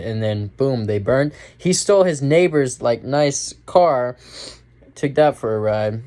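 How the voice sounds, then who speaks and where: A man's voice: mid-range voice, unhurried, dark tone. Rambling young man reviewing a film. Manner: rambling, many fillers and restarts. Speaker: movie reviewer. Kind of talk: casual spoken film review.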